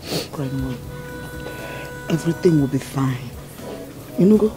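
A woman's voice: on the low side, lively intonation. An actress with a Nigerian accent playing a motherly woman who soothes a crying girl. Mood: soothing. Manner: soothing, slow, warm-hearted. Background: film score music.

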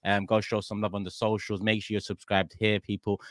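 A man's voice: on the low side, level tone, brisk, fairly bright tone. A man with a London accent hosting a casual football chat show, reading fan messages and laughing often. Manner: laughs often, upbeat sign-off patter. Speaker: host.

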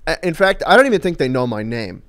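A man's voice: on the high side, very animated, fast, fairly bright tone. A man telling loose, amused anecdotes during a live stream, rambling with fillers and casual swearing. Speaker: streamer and co-host.

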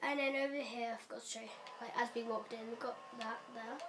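Chatty high-voiced young woman. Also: fairly even intonation, background noise. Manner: chatty and hurried, with fillers and quiet whispered asides. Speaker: gaming vlogger. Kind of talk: casual game walkthrough. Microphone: camera mic.

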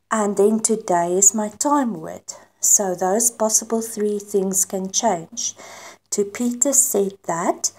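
South African woman, English teacher; slow, patient delivery, walking through examples for the class. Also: medium pitch, mellow. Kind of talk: online grammar lesson.

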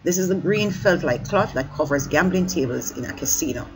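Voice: medium pitch, expressive, brisk, faint music behind, poor audio. A teacher explaining a poem line by line, correcting slips and apologizing mid-sentence, and urging listeners to keep up.

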